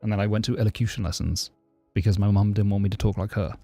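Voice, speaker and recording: He talks fast in a fairly low, steady voice with some vocal fry, a programmer from southeast London chatting on a live stream. He answers viewers' questions and warmly thanks subscribers, in a southern English accent close to RP but less posh. The clip has no room sound and soft background music.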